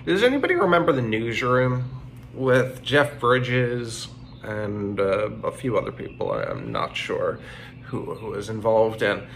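A man's voice: fairly low pitch, very animated, unhurried, vocal fry, fairly bright tone, a little hiss or hum. A man giving a casual political commentary monologue, rambling and opinionated, with frequent restarts.

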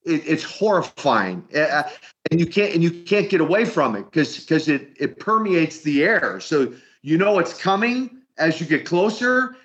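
An older man, a retired wrestler, telling lively stories in an interview and acting out the quotes. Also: a little high, unhurried. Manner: lively storyteller, acts out quotes. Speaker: retired pro wrestler guest. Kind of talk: animated storytelling interview. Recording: muffled lo-fi audio.

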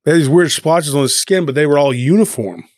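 Male podcast co-host, rambling animated storyteller, dry close sound. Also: a little high, quick pace, no echo. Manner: rambling, animated retelling with frequent restarts.

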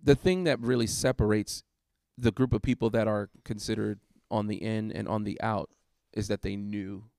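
A man's voice: lowish voice, fairly even intonation, normal speed, gravelly, few pauses, darkish tone, no room sound, clean studio sound. A man recounting a sermon he preached, talking it through thoughtfully with lots of fillers and restarts. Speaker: guest preacher. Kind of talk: casual conversation about a sermon.

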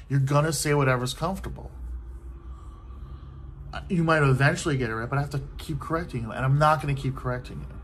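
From a hotel room, a man vlogs in a casual, rambling rant, sounding exasperated and loose, with frequent swearing and plenty of fillers. His mid-range voice is fairly bright, and he talks fast but pauses often, with a TV faintly audible behind him.

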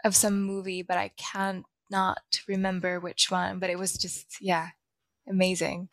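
A woman's voice: on the low side, completely flat delivery, measured pace, no echo. A woman hosting a casual conversation over a call, chiming in with brief agreeing remarks. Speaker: podcast host.

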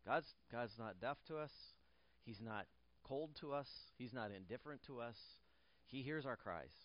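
A man's voice: medium pitch, lively intonation, normal speed, lo-fi sound. A male pastor preaching a sermon in church, repeating key phrases and restarting lines, with light jokes for the congregation.

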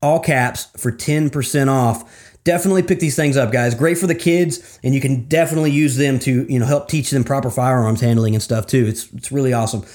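A man's voice: medium pitch, brisk, darkish tone. A man hosting a podcast, reading sponsor spots in a casual, enthusiastic way, full of fillers like "you know" and calling listeners "guys". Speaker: podcast host.

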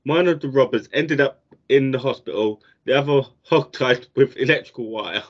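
A man, co-hosting a podcast, dry and deadpan as he tells a news story. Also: mid-range voice, normal speed, muffled recording. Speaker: podcast co-host. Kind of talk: casual storytelling.

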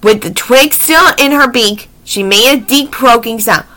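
A woman reading children's books aloud in an animated, expressive way with chatty asides. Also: fairly high pitch, a little slow, hardly any pauses, noisy background. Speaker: story reader.

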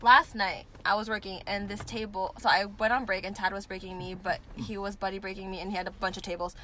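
A woman speaks quickly at a middle pitch, recounting a story from her serving shift. She slips into quoted dialogue as she tells it. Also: slight background noise. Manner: animated anecdote with quoted dialogue. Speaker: server. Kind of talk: casual storytelling.

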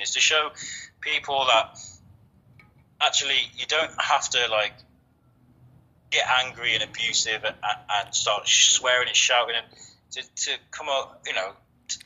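A man's voice: medium pitch, bright, forceful tone, muffled recording. A man who hosts a podcast, talking casually and earnestly, swearing freely and often restarting his sentences. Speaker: podcast host. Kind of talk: casual chat.

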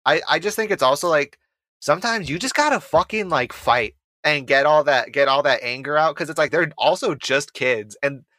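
Young male co-host, bright, joking, casual swearing. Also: on the high side, lively intonation, moderate pace, no echo. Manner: joking, swears casually, quotes movie lines. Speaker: podcast co-host. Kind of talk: casual chat.

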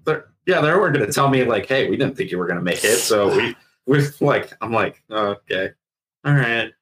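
A man's voice: on the low side, moderate pace, slight background noise, poor audio. A middle-aged man, a retired sheriff's investigator, telling his story in a casual interview, acting out what others said. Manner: animated retelling with acted-out quotes and laughs.

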